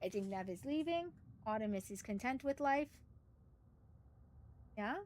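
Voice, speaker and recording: A woman from Canada, chatting casually and excitably on a gaming livestream, swearing and cooing at her dogs. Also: fairly high pitch, measured pace. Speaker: streamer.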